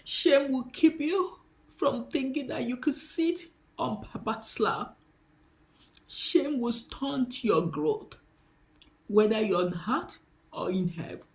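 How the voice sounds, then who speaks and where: High-voiced woman preaching slowly, impassioned. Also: lively intonation. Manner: impassioned, emphatic repetition. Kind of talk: spiritual teaching monologue.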